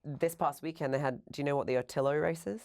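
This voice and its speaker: A woman with an English accent, talking as a podcast guest in an upbeat, chatty way with quick asides. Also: low-pitched, fairly even intonation, a little mellow. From England. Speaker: podcast guest, fitness coach. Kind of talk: casual chat.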